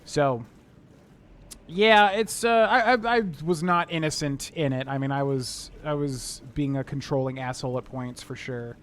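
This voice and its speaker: A man streaming a game, rambling candidly in casual chat and giving quick gameplay tips. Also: a little high, a bit bright.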